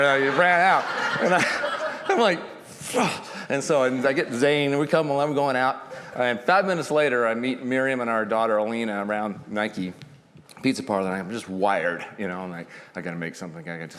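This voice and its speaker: A man of middle pitch tells a lively story from a conference stage, acting out what people said and laughing as he goes. His voice carries a long hall reverb. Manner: animated, acts out quotes, laughs often, loose and joking. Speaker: company founder telling his story on stage. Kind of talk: storytelling talk at a summit.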